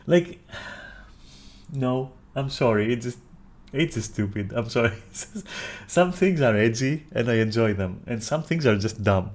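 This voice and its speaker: A man's voice: medium pitch, animated, a little slow. Profane, exasperated male streamer ranting. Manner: loud, profane, exasperated ranting that drops into quieter, apologetic talk. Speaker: streamer reviewing a series. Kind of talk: casual ranting review.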